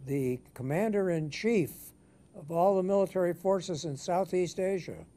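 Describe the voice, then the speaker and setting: A man's voice: sits high, a little slow, mellow, voice pushed up. A man putting on a haughty British admiral. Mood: indignant.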